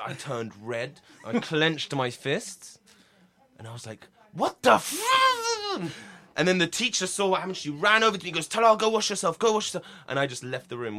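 A man co-hosting a comedy podcast, telling stories in casual chat with swearing and laughter. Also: fairly high pitch. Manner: animated storyteller, swearing, laughing.

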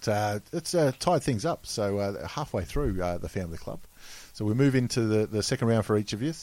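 A man's voice: lowish voice, lively intonation, fairly quick, darkish tone, rough recording. Laughing Australian man hosting a quiz. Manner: laughs often, reads questions with fillers. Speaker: quiz host. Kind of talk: casual podcast quiz hosting.

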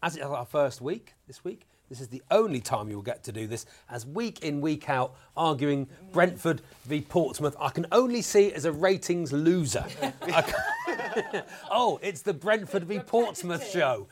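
A man's voice: on the high side, lively intonation, moderate pace, a little hiss or hum. A man hosting a comedy football quiz, playful and teasing toward his guests. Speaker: quiz show host.

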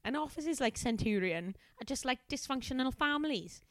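A woman's voice: high-pitched, lively intonation, moderate pace, no echo, pitched above the performer's own voice. A woman voicing a chatty young female office temp in a put-on Welsh accent, confiding and talkative.

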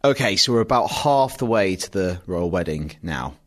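Low-voiced British man co-hosting a podcast. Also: lively intonation, normal speed. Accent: British English. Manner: jokey, dry, reads quotes aloud mockingly. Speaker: podcast co-host. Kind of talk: casual chat.

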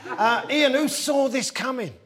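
A man's voice: extremely high pitch, a little slow, crowd noise. A man hosting a comedy panel show, telling wry jokes between topics. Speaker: host.

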